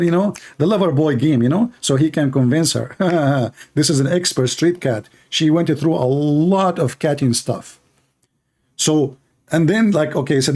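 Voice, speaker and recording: A man's voice: fairly high pitch, normal speed, darkish tone. A man hosting a livestream and giving sarcastic, mocking commentary in a casual ranting style. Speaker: livestream debate host.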